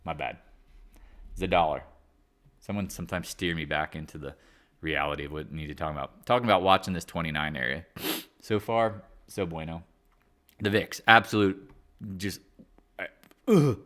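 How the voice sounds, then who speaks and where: A man's voice: low-pitched, moderate pace, long pauses, fairly bright tone. A man hosting a live market chat stream in a casual, rambling way, drifting off on tangents and slangy asides. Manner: loose, slangy. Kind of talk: casual livestream market commentary.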